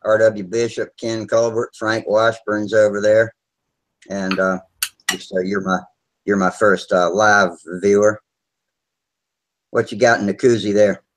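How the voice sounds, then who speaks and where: A man hosting a live video hangout from home, talking in a relaxed, rambling way with plenty of filler words over a video call. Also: lowish voice, a little slow, long pauses, low-quality recording. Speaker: host of a model airplane video hangout. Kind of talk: casual live chat.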